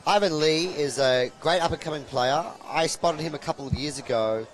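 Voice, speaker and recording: A man's voice: on the high side, moderate pace. A man giving live pool match commentary in a chatty, rambling, jokey way with plenty of fillers.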